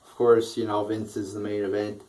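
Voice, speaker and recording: A man's voice: lowish voice, little pitch movement, moderate pace, warm tone, distant mic, low-quality recording. A sleepy man ranting casually and profanely as a wrestling show reviewer, rambling with restarts and yawning.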